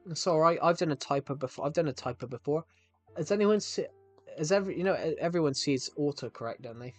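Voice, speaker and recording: A man's voice: a little high, lively intonation, fast talker, no room sound, soft background music. A man streaming a game live, chatting to viewers in a rambling way and often cutting himself off mid-sentence. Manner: rambling, chatty, self-interrupting. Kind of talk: casual live-stream chat.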